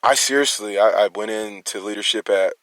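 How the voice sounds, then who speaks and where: A concerned citizen delivers an emotional personal monologue, rambling and restarting his words as he challenges his listeners. His voice is fairly low and fairly bright, his pace a little fast, and there is no room sound.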